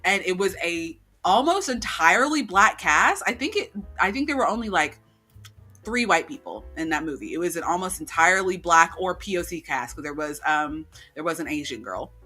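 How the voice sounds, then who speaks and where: A woman co-hosting a casual chat podcast retells a story with lots of fillers, animatedly acting out the quotes. Her voice is fairly low and moderately paced, with soft background music.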